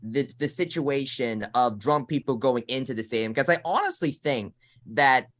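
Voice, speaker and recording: A man's voice: mid-range voice, expressive, normal speed, a bit bright. Young man co-hosting a sports podcast. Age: 20s. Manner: hesitant, many restarts and fillers. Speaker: podcast co-host, college student. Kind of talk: casual sports chat.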